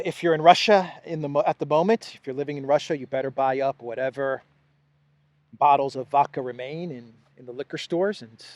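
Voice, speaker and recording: A man's voice: mid-range voice, a little mellow, dry recording. A man hosting solo political commentary, talking sarcastically with mock enthusiasm and repeated phrases. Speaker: host of a news commentary channel.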